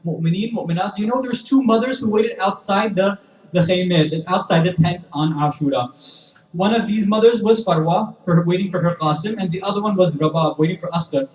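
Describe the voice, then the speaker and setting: A man's voice: sits high, brisk. A man delivering an impassioned mourning sermon at a community center and questioning the congregation directly. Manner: impassioned, building from hushed to loud pleading. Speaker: speaker at a mourning gathering. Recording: echoey hall, far from the mic.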